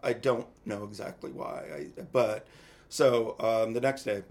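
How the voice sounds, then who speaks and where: A man's voice: lowish voice, steady tone, unhurried, darkish tone. A man co-hosting a podcast, telling personal stories to his friends in a frank, chatty way. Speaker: podcast co-host. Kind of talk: candid personal storytelling.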